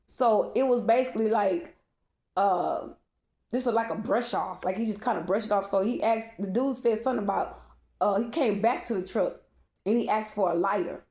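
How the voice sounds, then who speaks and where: A woman's voice: medium pitch, moderate pace, a little mellow. A woman telling a personal story in a casual storytime monologue, blunt and profane, often checking in with "okay?". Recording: echoey room.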